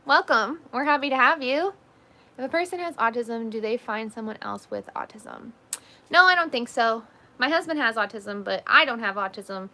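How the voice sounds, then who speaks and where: Bright-voiced chatty woman livestreaming. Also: fairly high pitch, lively intonation, moderate pace. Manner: chatty, frequent "like" and "um", reads comments aloud. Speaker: livestream host answering viewer comments. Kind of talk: casual live chat.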